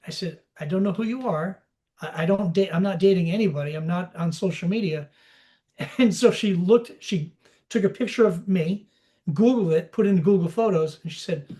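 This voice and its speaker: A man's voice: high-pitched, fairly quick, dark tone. A man telling stories as a podcast guest, slipping into the voices of the people he quotes. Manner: storytelling, acting out quoted dialogue. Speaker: podcast guest, sales expert. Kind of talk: casual interview talk.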